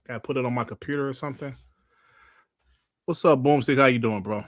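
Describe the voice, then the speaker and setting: A man's voice: mid-range voice, expressive, fairly quick, long pauses, dry recording, studio quality. A man hosting a gaming podcast livestream in a casual, profane, laid-back way, grumbling at technical trouble. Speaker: podcast host.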